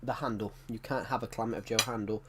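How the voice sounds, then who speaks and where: A man's voice: fairly low pitch, fairly even intonation, racing, background noise. A man chatting casually on a live stream, rambling and correcting himself, with a tickly throat that keeps him coughing.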